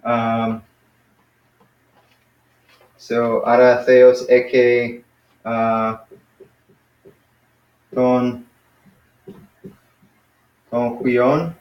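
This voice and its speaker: A man's voice: mid-range voice, little pitch movement. Man, Greek tutor, encouraging, patient, echoey room, dull lo-fi sound. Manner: encouraging, patient, drills pronunciation slowly. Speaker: Greek teacher. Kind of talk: casual one-on-one lesson.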